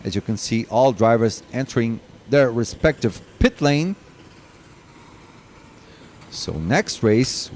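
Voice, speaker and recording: A man's voice: medium pitch, slight background noise. A man commentating live kart races, reading long lists of drivers and chatting to viewers, running out of breath. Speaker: race commentator.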